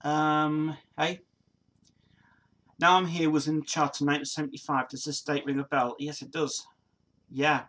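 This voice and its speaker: Here a livestream host from Nottingham, England, in his 40s, chats casually while reading out viewer comments in an East Midlands accent. Rambling, full of restarts and fillers, he laughs often. His slightly high, level, fairly bright voice moves at a moderate pace, with long pauses.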